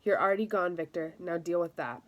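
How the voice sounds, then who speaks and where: A woman's voice: on the low side, a little fast, highs cut off, lightly acted. A woman voicing a middle-aged soccer coach who speaks firmly and matter-of-factly in an audiobook reading. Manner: firm, matter-of-fact.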